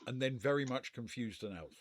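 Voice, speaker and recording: A man's voice: mid-range voice, brisk, dry recording. A man co-hosting a casual live gamebook play-through, reading passages aloud and weighing the choices with dry understatement.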